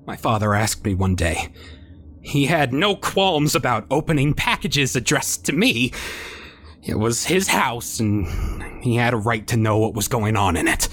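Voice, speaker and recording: A man's voice: medium pitch, lively intonation, unhurried, fairly bright tone. Stammering young man narrating wryly. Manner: stammering, wry, nervous teen persona. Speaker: narrator, voice performer. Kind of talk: first-person horror story narration.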